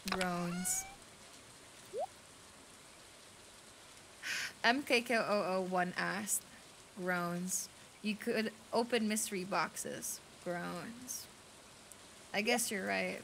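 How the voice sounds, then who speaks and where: A young woman with a light Filipino accent and a bright, forceful, mid-range voice chats casually on a game stream, reading chat aloud and swearing freely. There's slight background noise.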